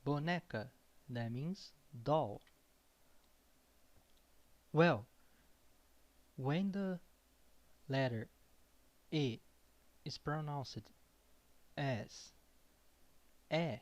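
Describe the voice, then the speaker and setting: Guy teaching sounds, super slow, says every word over and over. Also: a little high, expressive, muffled recording. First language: Portuguese. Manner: slow, repeats each word several times. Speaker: language teacher. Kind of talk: pronunciation lesson.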